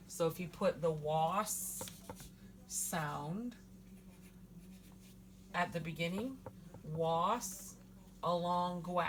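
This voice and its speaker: A woman with a somewhat low voice leads a pronunciation lesson at an unhurried pace. She breaks each word into syllables and repeats it patiently for her learners. A faint hum of noise sits behind her. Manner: sounds words out syllable by syllable, patient. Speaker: language teacher.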